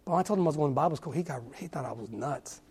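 Young male preacher, husky, earnest testimony with stammered restarts. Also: fairly high pitch, animated, very fast, darkish tone. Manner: earnest, repeats words often, stammering restarts. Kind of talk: sermon testimony.

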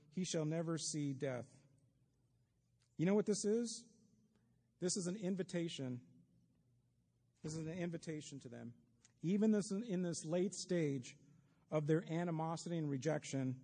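A man with a fairly high but dark, mellow voice preaches a sermon, chatting with the congregation and dropping in wry asides. His words ring out with a long reverb, as if in a big church sanctuary. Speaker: pastor. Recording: long reverb of a large hall.

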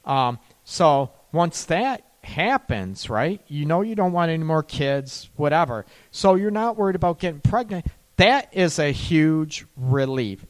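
A man's voice: a little high, lively intonation, unhurried. A middle-aged man giving casual, rambling relationship and sex advice, now and then acting out worried voices.

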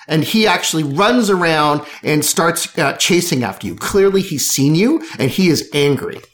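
A man's voice: a little high, expressive, moderate pace, hardly any pauses, fairly bright tone. Rambling man running a tabletop game. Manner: rambling, with many fillers and restarts. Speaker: game master.

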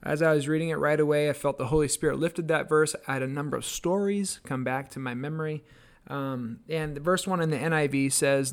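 A man's voice: fairly high pitch, moderate pace. A man co-hosting a devotional podcast, telling personal stories in an earnest, chatty way. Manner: earnest storytelling, acts out quoted voices. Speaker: podcast co-host. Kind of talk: casual devotional chat.

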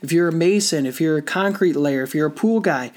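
A man giving a motivational sales talk in an energetic, repetitive, conversational way. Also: fairly high pitch, fairly quick. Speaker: contractor and sales coach.

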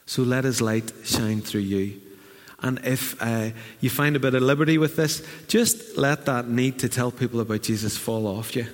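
Pastor preaching in reverb. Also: male voice, mid-range voice, moderate pace. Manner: earnest preaching with vivid acted asides. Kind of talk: sermon. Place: church hall. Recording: long reverb of a church hall.

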